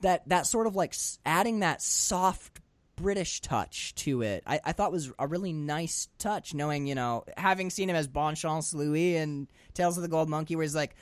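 A man's voice: a little high, moderate pace, no room sound. A man in his twenties, an enthusiastic podcast co-host rambling in a casual movie chat. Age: 20s.

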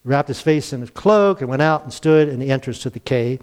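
A man's voice: mid-range voice, lively intonation, brisk, a little mellow, smooth. A man in his sixties preaching a conversational sermon, acting out the dialogue and chuckling now and then.

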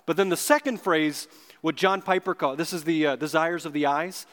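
A man preaching a sermon as pastor, earnest and emphatic, slowing down to stress key words. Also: on the high side, a bit bright. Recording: long hall reverb.

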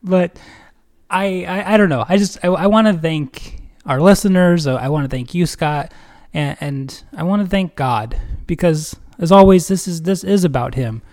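A man co-hosting a casual faith podcast, upbeat and quick to laugh, often repeating words as he talks. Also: high-pitched, darkish tone. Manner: upbeat, stumbling, laughs easily. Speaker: podcast co-host.

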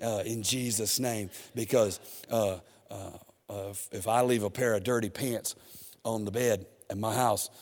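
A man's voice: fairly low pitch, a little slow. Emphatic preaching man in a reverberant hall. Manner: animated, emphatic preaching with repetitions. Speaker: pastor. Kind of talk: sermon.

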